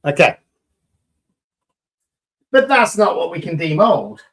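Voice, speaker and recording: With huge pitch swings, this slightly rough, high-leaning male voice moves slowly. It comes from a British host on a resin crafting livestream who reads viewers' comments and chats with them cheerfully and jokily.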